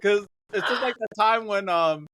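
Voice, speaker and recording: A man's voice: sits high, moderate pace, a bit bright, no room sound, poor audio. A man on a podcast, telling rambling, raunchy stories in casual chat and laughing often mid-sentence. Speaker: podcast host.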